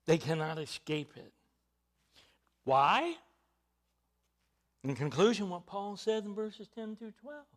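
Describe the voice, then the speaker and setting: A man with a high voice preaches a sermon at an unhurried pace. His delivery swings from hushed, nearly whispered phrases to loud, emphatic declarations. He stresses key words and puts questions to his listeners. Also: animated.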